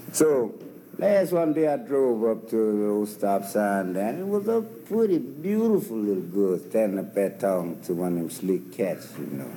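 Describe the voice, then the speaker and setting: Male storyteller, low and lively pitch, rambling folksy dialect, hissy old recording. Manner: loose, chuckling, drawn-out delivery with lots of asides. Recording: noisy old recording with hiss.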